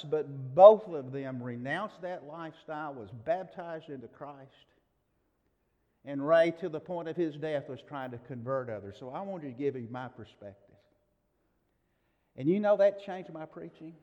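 A middle-aged man preaching a sermon, telling a personal story earnestly, with his voice rising and falling in loudness. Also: on the high side. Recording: dull sound in a large reverberant hall.

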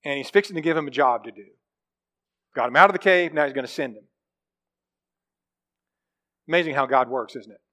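A man's voice: medium pitch, a little fast, pauses often, bright, forceful tone. A man preaching a sermon in a conversational way, reading scripture and then explaining it, often asking his listeners questions. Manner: reads scripture then explains, voice rising and dropping.

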